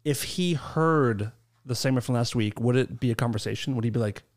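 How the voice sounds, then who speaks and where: A man's voice: medium pitch, fairly quick. A man co-hosting a podcast in casual banter, teasing his co-hosts and laughing often. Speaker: podcast co-host.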